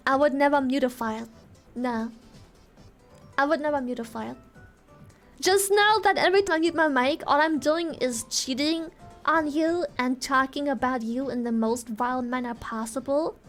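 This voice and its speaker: A woman's voice: high voice, normal speed, fairly bright tone, faint music behind. A woman streamer from Germany with a German accent, chatting casually on a live stream in a playful, giggly, teasing way.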